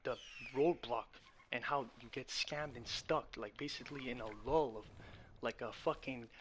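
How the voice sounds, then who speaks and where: A man's voice: medium pitch, moderate pace, a bit bright, a little hiss or hum. Man, gaming host, fired-up rant, swears constantly, keeps circling back and correcting himself. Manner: profane, heated, addresses viewer as bro; rambling with frequent self-corrections. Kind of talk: ranting gaming commentary.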